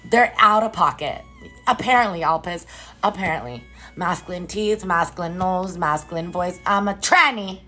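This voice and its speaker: A woman live streaming from a hotel room, ranting casually and profanely to her viewers in an incredulous, animated way. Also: on the low side, moderate pace, soft background music. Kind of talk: casual chat.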